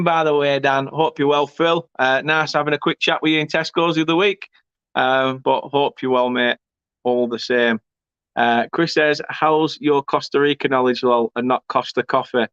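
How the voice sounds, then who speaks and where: A man's voice: on the high side, fairly bright tone, clear, resonant tone, dry recording, dull audio. A young man hosting a football fan live stream, reading out comments with banter and swearing. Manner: chatty, banter-filled, swearing, laughing asides. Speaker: fan channel host.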